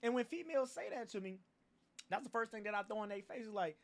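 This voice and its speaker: A young man hosts a livestream, ranting casually and profanely, laughing and leaning on the same filler phrases. His voice sits high and he talks fast.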